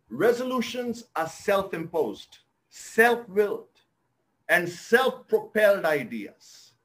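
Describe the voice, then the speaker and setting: A male pastor, preaching a sermon and telling humorous stories in which he acts out the characters' lines. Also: sits high.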